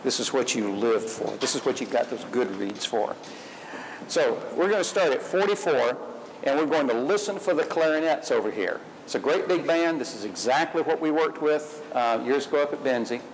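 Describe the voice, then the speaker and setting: A man with a medium-pitched voice and lively intonation speaks at a moderate pace on a low-quality recording with a little hiss or hum. As a band clinician leading a school band rehearsal, he gives upbeat, encouraging instructions and sings the rhythms on syllables.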